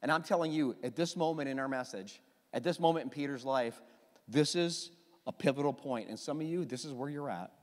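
A middle-aged man preaching a sermon as pastor, telling the story with lively restarts and repeated words. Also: mid-range voice, brisk, in a large hall. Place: church hall.

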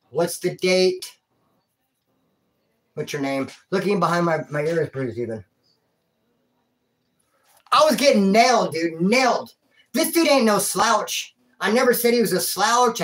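A man's voice: sits high, fairly bright tone. A man telling a rambling personal story in a casual, slangy way, calling the listener dude and bro. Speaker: vlogger telling a prison and life story.

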